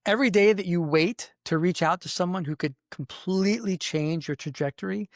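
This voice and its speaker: A man's voice: a little high, dry recording, clean studio sound. A middle-aged man hosting a podcast, giving an earnest, emphatic motivational business talk from his office. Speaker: podcast host.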